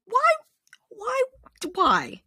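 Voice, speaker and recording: A woman hosting a podcast from her home desk, chatting casually and animatedly, with plenty of swearing and quick asides. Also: extremely high pitch, wildly swooping pitch, pushed and bright, no room sound. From Texas. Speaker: podcast host. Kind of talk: casual chat. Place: home desk with snoring dogs.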